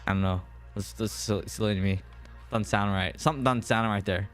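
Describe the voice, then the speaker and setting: A man's voice: on the low side, fairly even intonation, brisk, a bit bright, faint music behind. A man in his thirties with a Mid-Atlantic American accent, casually rambling on a live game stream and answering viewer chat. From US Mid-Atlantic region.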